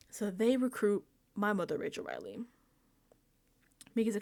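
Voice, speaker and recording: A woman's voice: medium pitch, huge pitch swings, normal speed, vocal fry, pauses often, a little mellow, dry recording. A woman casually recapping a reality show episode, chatty and laughing often, sometimes dropping into whispered asides. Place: indoors, home setup.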